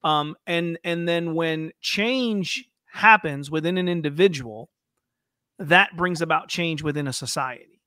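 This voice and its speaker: A man hosting a podcast, talking through theology in a thoughtful, halting way with many fillers. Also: on the high side, sharp tone, dry recording, studio quality. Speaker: podcast host. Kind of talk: casual theological discussion.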